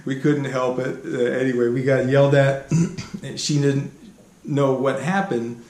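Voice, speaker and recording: A man's voice: mid-range voice, steady tone, normal speed, darkish tone. Rambling middle-aged man in a roomy space. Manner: rambling, many fillers and restarts, chuckles as he goes. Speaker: author telling stories from his life. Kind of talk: casual spoken storytelling. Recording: roomy recording with faint background hum.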